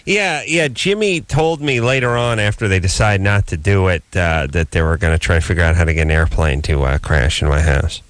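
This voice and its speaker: A man co-hosting a late-night call-in radio show, telling stories in a dry, deadpan way on a studio microphone. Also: a little fast, hardly any pauses, no room sound. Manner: dry, deadpan storytelling with lively swings in pitch. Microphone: studio broadcast microphone.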